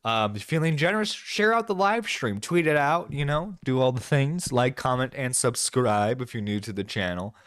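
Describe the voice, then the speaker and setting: A man's voice: mid-range voice, lively intonation, normal speed, hardly any pauses, a bit bright, no room sound, clean studio sound. A man giving an angry reaction commentary on a live stream, ranting and swearing with stammered restarts. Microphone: desk microphone.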